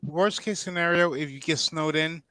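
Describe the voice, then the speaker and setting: A man's voice: a little high, moderate pace, pushed and bright, no echo. A man giving laid-back advice in casual podcast banter. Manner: laid-back, lecturing in fun.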